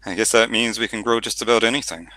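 A man's voice: lowish voice, steady tone, fast, pushed and bright, no room sound. A man reading the lines of a weary, blunt middle-aged father in an audiobook. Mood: dry.

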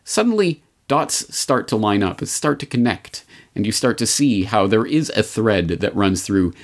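A man hosting a history commentary show, speaking in a measured, deliberate way with sardonic asides. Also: on the low side, very animated. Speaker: podcast host.

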